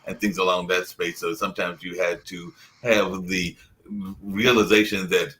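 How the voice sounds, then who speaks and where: Male host, low voice, loose and rambling delivery. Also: moderate pace, poor audio. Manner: rambling, relaxed, with repeated stock phrases. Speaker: radio talk show host. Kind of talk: casual radio talk.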